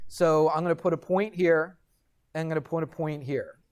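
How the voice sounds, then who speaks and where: A middle-aged man, a math teacher, telling a story to his class and lecturing in an animated way, checking in with students as he goes. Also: on the high side, normal speed. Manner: animated, addresses students directly with frequent "right?".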